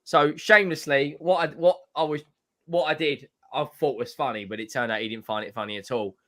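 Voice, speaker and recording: A young man co-hosting a football fan livestream, telling animated, jokey stories in casual chat. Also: medium pitch. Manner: animated storyteller, jokey, quick restarts.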